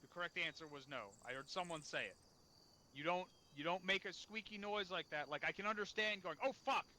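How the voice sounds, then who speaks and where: A man's voice: high-pitched, fairly quick, bright, forceful tone, a little hiss or hum. A man leading a game unit's after-action debrief, blunt and profane as he scolds. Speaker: unit leader.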